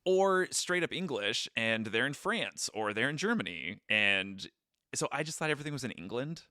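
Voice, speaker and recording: A man's voice: medium pitch, very animated, normal speed, sharp tone, no room sound, clean studio sound. A man co-hosting a podcast in casual chat, joking and self-deprecating. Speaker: podcast co-host.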